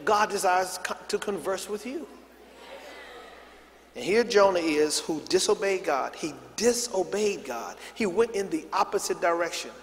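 A man's voice: sits high, normal speed. A man a sermon as pastor, calling out to the congregation to repeat his words and answer him. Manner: preaching with call-and-response to the congregation. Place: large church sanctuary. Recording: long reverb of a big hall.

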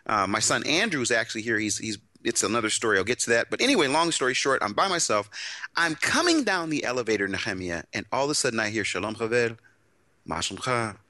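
A man's voice: mid-range voice, fast, no echo. A man co-hosting a casual talk, telling a story with many restarts and acting out other people in quotes. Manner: animated, restarts often, acts out voices in quotes. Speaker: co-host. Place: in Shanghai, China.

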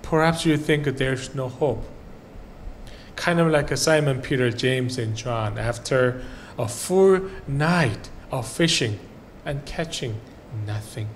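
Slow, earnest male preacher. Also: mid-range voice, a little hiss or hum. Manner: slow, earnest preaching with soft trailing phrase endings. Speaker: pastor. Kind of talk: sermon. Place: church sanctuary.

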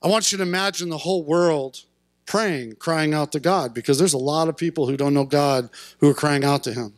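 High-voiced pastor preaching with passion. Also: male voice, a little fast, no room sound. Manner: impassioned, rising to shouts at peaks. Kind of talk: sermon. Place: church sanctuary.

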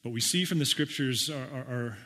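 A man's voice: medium pitch, a little fast, a bit bright. A middle-aged man preaching a sermon, conversational and stumbling over repeated words, lifting his voice to read scripture aloud. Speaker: pastor.

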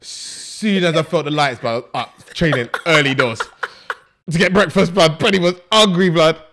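A man's voice: a little high, moderate pace, fairly bright tone. A young man telling a long story in casual chat, laughing often and full of slang. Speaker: podcast co-host.

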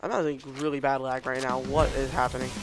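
A young man streaming a shooter game, reacting loudly, swearing often and yelping when surprised. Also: mid-range voice, fast, soft background music. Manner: excitable, swears a lot, yelps and shouts in reaction. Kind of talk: live gameplay commentary.

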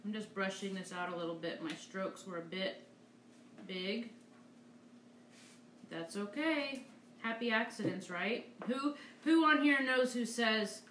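A woman's voice: mid-range voice, unhurried, long pauses, a bit bright. Upbeat art teacher lady painting live, bit of room echo and background hiss. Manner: upbeat and encouraging, talks while painting. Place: art studio.

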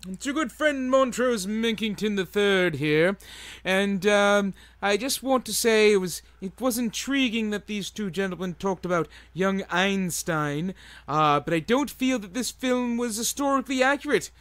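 A pompous, self-important gentleman, as a man puts him on. He speaks stiffly and formally in a high, bright voice and fusses over his own importance. The sound is close and dry. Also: lively intonation, a little slow, no echo.

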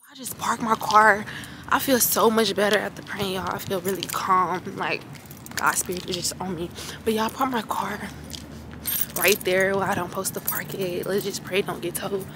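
A woman's voice: mid-range voice, fairly even intonation, normal speed, over music. A young woman, a college student, chatting casually to a handheld camera and calling her viewers y'all. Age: young adult. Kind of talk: casual vlog narration to camera. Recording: loud background noise.

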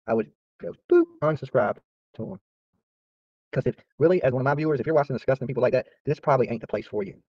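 A man's voice: medium pitch, fast, no room sound. A man hosting his channel, ranting casually to viewers in a boastful, profane, trash-talking way. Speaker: YouTube channel host. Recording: dry, slightly dull lo-fi sound.

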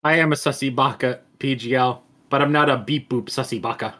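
A man's voice: mid-range voice, steady tone, brisk, bright, forceful tone. A man co-playing on a game stream, silly and playful, throwing out memes. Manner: silly, meme-spouting, playful. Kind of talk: casual gaming stream chat.

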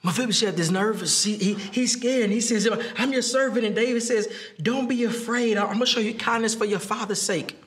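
A man preaching a sermon as pastor, animated, laughing often and acting out quoted lines. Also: fairly quick, hardly any pauses. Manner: acts out quoted speech with rising pitch.

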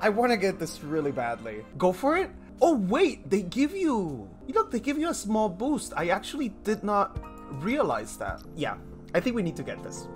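A man from Colombia giving chatty, excitable gameplay commentary on a live stream, joking at his own expense and talking to viewers. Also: high-pitched, normal speed. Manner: excitable, chatty, self-mocking, talks to chat. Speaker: game streamer. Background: faint game music.

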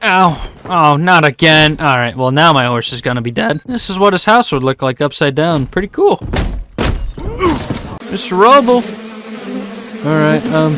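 Excitable man yelling over gameplay. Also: on the high side, a little slow, a little hiss or hum. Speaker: gaming YouTuber. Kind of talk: live gameplay commentary.

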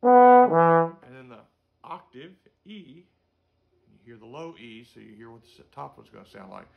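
A man's voice: on the high side, lively intonation, measured pace, gravelly, phone-quality sound. A middle-aged man teaching a music lesson in a casual way, singing note syllables to show how passages should sound. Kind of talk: instrument lesson.

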